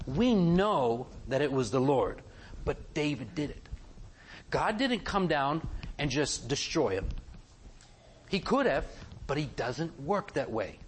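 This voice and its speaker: Animated man preaching a sermon. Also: a little high, a little hiss or hum. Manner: animated, asks the congregation many questions.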